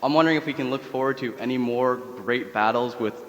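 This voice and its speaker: Jokey fan in an echoing hall. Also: male voice, medium pitch, fairly quick. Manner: enthusiastic, jokey. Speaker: fan asking a question.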